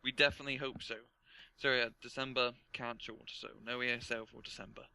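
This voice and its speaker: A man's voice: medium pitch, little pitch movement, quick pace, vocal fry, bright, forceful tone, clear, resonant tone, no echo, rough recording. A man commentating a strategy game match in a casual, laughing way. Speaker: game caster. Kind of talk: esports commentary.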